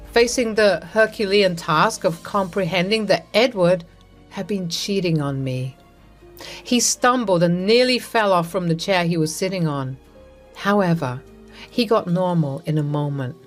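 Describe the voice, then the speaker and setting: A woman reading a first-person story with a dramatic, expressive delivery. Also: lowish voice. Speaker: story narrator. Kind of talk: first-person scripted narration. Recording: narration over soft music.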